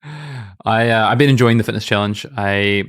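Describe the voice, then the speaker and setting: A man in his late twenties co-hosting a podcast in brisk, chatty, self-deprecating talk. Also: on the low side, a bit bright, clear, resonant tone. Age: late 20s. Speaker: podcast co-host. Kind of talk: casual podcast chat.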